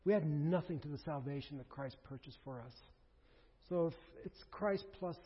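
A man preaching a sermon as pastor, conversational and animated, with asides and quoted voices. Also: on the high side, moderate pace, breathy edge. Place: church sanctuary. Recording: dull sound with long reverb in a hall.

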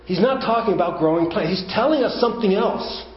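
A man's voice: high voice, expressive, fairly quick. Man preaching a sermon in a roomy hall. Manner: explains step by step, rising to emphatic questions. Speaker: pastor. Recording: roomy, dull church recording.

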